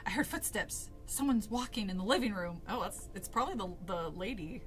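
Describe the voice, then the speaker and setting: A woman's voice: mid-range voice, expressive, brisk, soft background music, rough recording. A woman streamer casually reading a spooky kids' book aloud, laughing, swearing and chatting with her viewers between passages.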